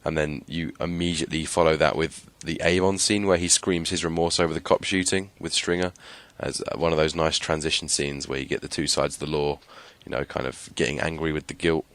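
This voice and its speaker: A man's voice: rumbling low, steady tone, a little fast, hardly any pauses, a bit bright. A young man co-hosting a casual TV recap podcast, chatty, with frequent fillers and laughs. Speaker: podcast co-host.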